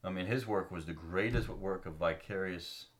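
A man's voice: sits low, moderate pace. A man co-hosting a casual faith podcast, reading scripture aloud and explaining it earnestly, stopping with ums to find his place. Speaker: podcast co-host.

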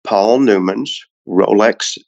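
A man's voice: on the low side, slow pace, creaky, a little mellow, no echo, dull audio. A man, a car collector guest on a podcast, telling a long story in a casual, rambling way with many restarts.

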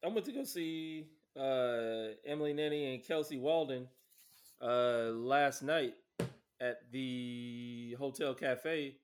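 A man in casual podcast chat, laid-back and profane, with many pauses and fillers. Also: mid-range voice.

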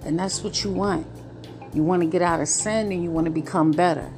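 A woman with a lowish voice and fairly even intonation hosts a relationships podcast, talking a little fast over background music. It's a casual late-night monologue where she chats and laughs often, then turns to earnest, preachy encouragement.

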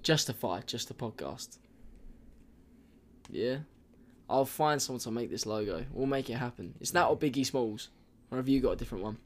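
A young man co-hosting a casual podcast, talking in slang and getting worked up as he pitches ideas. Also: normal speed. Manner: excitable, gets worked up, slangy. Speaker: podcast co-host. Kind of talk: casual chat.

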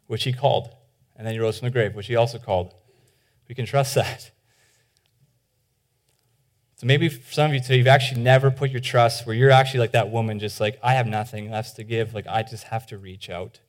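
A man preaching a sermon as pastor, earnest and conversational with many restarts, dropping to a hushed voice for appeals. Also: mid-range voice. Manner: drops to a soft, hushed voice for appeals.

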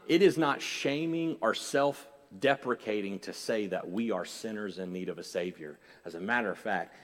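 A man preaching a sermon as pastor, moving between quiet storytelling and loud, raised passages. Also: on the low side. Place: church sanctuary. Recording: long hall reverb.

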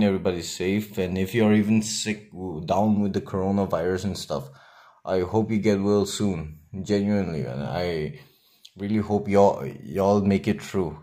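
Deep-voiced blunt, profane podcast man from Nagaland. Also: mellow. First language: Nagamese. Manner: blunt, profane, defiant, with long pauses. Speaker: podcast host. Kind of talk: solo podcast monologue.

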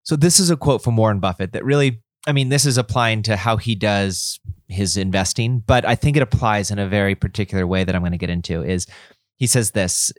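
A man's voice: fairly low pitch, brisk, no echo, clean studio sound. A man in his thirties hosting a casual solo podcast, earnest and encouraging, rambling with frequent restarts. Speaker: podcast host.

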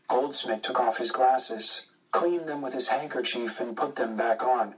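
Steady male storyteller, mid-pitched, reads first person, slightly distant mic. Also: measured pace. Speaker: audiobook narrator. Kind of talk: first-person audiobook narration.

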